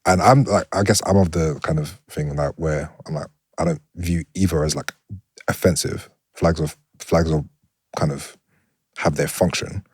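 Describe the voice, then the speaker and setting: Male host, very deep and husky, thoughtful and searching. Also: normal speed, dry recording, clean studio sound. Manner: thoughtful, searching for words, animated when making a point. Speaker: podcast host. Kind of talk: casual conversation.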